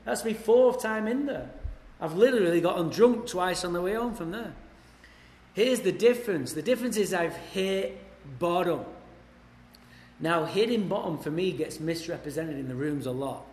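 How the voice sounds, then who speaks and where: A man's voice: high voice, animated, normal speed, a little mellow. Blunt Englishman telling his story. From England. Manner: blunt, swearing, storytelling with wry humor. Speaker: recovery speaker. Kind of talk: recovery meeting talk. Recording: echoey hall, faint ambience.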